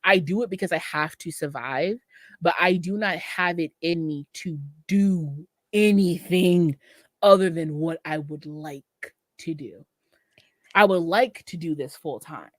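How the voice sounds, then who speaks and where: A woman's voice: lowish voice, a little slow, no room sound, clean studio sound. A woman from Massachusetts co-hosting a podcast, talking bluntly in casual chat and laughing often. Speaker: podcast co-host.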